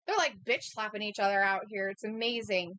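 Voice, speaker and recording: A woman's voice: medium pitch, a little fast, sharp tone, dry recording. A woman co-hosting a live wrestling stream, joking bluntly and reading viewer chat aloud in a casual way. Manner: joking, blunt, swears freely. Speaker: co-host of a live wrestling watch-along stream.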